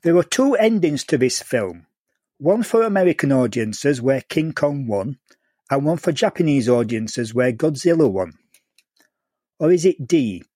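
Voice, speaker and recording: A man's voice: mid-range voice, darkish tone, dry recording, clean studio sound. A man hosting a casual podcast quiz, reading out questions and multiple-choice options with frequent laughs. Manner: reads questions and options clearly, laughs often.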